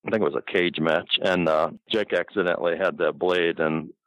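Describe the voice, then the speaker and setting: A man's voice: sits low, steady tone, fairly quick, fairly bright tone, no echo, poor audio. An older man and former wrestler telling casual, rambling stories from the road, full of fillers and restarts. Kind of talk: casual storytelling.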